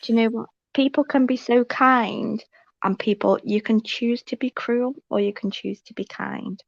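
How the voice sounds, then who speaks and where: Liverpool lady on a stream call, kinda high voice, dull muffled audio, slows her accent down. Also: fairly even intonation, vocal fry, no room sound. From England. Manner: earnest, slowed-down, speaks up brightly. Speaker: livestream guest. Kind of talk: casual livestream chat.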